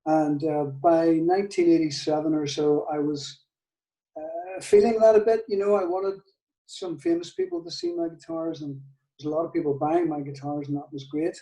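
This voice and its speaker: An older man with a Northern Irish accent, his voice mellow and slightly higher than most men's. He talks hesitantly, with restarts and soft laughs, while telling a story in a conversation. It was recorded in an echoey room, a little far from the mic. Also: expressive, normal speed, gravelly. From Northern Ireland. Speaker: guitar maker, guest. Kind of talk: casual storytelling interview.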